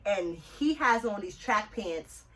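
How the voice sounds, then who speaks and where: Animated, profane young New woman. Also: medium pitch, slow pace, far from the mic. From New York City. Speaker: storytime vlogger. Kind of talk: casual storytelling.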